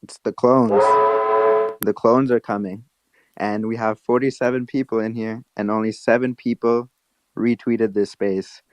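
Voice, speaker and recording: A man with a low voice jokingly scolds listeners in an online audio room. He is teasing and profane. The sound is dry and close. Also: darkish tone, no room sound. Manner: teasing, mock-scolding, swears. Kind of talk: casual online audio chat.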